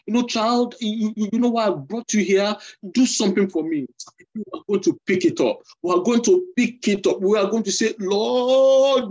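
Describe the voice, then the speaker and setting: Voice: mid-range voice, a little mellow. Emphatic preacher, dull lo-fi recording. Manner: exhorting, repetitive, emphatic. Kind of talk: sermon.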